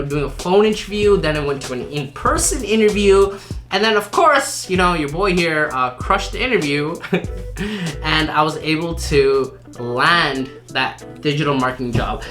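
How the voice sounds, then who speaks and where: A man's voice: on the high side, fairly bright tone. Upbeat chatty young man vlogging. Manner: upbeat, chatty, boastful, laughs often. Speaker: marketing vlogger. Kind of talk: casual vlog chat.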